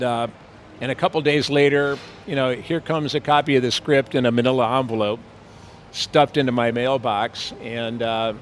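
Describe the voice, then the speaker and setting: A man's voice: medium pitch, slight background noise. An older man, an actor being interviewed, telling stories in a rambling way with many fillers, outdoors on a city street. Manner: rambling, with frequent fillers and playful impressions. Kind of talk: anecdotal storytelling.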